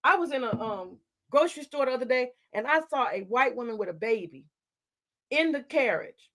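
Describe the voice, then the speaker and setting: A woman talks straight to her livestream chat. Her voice sits somewhat high, and she argues in a confrontational, profane, unfiltered way. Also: lively intonation, normal speed, a bit bright. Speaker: livestream host.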